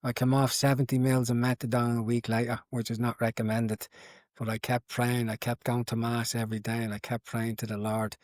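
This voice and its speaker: A man's voice: mid-range voice, flat delivery, brisk, darkish tone, dry recording, studio quality. A man sharing his conversion story in an interview, earnest and repetitive, in a casual telling way. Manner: earnest storytelling with many repeats. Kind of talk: casual testimony.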